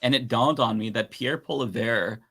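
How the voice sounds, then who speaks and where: Man, gravelly voice, mid pitch, easygoing, panel chat. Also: moderate pace, a bit bright. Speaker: podcast co-host.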